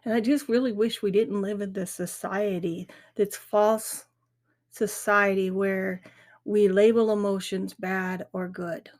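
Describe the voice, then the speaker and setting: A woman's voice: mid-range voice, fairly even intonation, measured pace, darkish tone. A middle-aged woman hosting a grief podcast, talking candidly and earnestly in a reflective monologue. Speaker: podcast host. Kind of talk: casual monologue.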